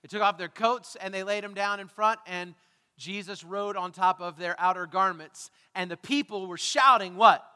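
A man's voice: high-pitched, steady tone, normal speed, pushed and bright, clean tone, big-room sound. A man preaching a sermon as pastor, talking conversationally, asking the congregation questions and making self-deprecating asides. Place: church sanctuary.

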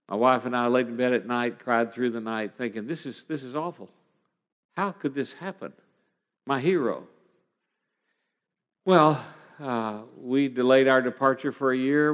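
A middle-aged man preaching a sermon, telling a personal story in an earnest way that rises to emphatic passages. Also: mid-range voice. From Oklahoma, USA. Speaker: pastor. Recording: long hall reverb.

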